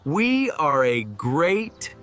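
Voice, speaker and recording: A man voicing a lively storybook dad. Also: on the high side, very slow, soft background music, exaggerated voice. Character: warm, cheerful father of two kids. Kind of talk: slow storybook reading.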